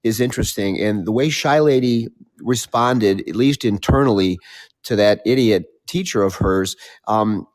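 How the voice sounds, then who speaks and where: A man's voice: fairly low pitch, moderate pace, a little mellow. A man on a panel discussion, speaking bluntly and conversationally.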